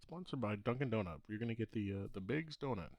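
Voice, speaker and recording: A podcast co-host with a fairly low, slightly mellow voice talks fast and animatedly in casual chat. His rambling story has plenty of restarts, trailing off and frequent laughter.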